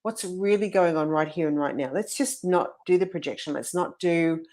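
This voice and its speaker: A woman with a somewhat low voice talks earnestly as a coach for mothers, carrying a story along in a relaxed conversational way. Her voice sounds a touch husky today, and she often circles back to restart a thought. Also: normal speed. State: slightly husky voice this morning.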